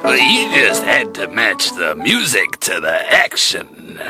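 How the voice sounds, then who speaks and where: An old silent-film pianist reminisces in a very deep, very slow voice. His tone is sharp and bright despite the low pitch, and soft instrument music plays underneath. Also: wildly swooping pitch, full character voice. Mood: reminiscing.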